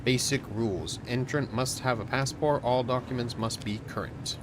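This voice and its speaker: A man's voice: medium pitch, moderate pace. Jokey gamer man, noisy recording. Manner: jokey, reads game text aloud, bursts into shouting. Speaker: gamer playing a border-inspector game. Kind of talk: casual let's-play commentary.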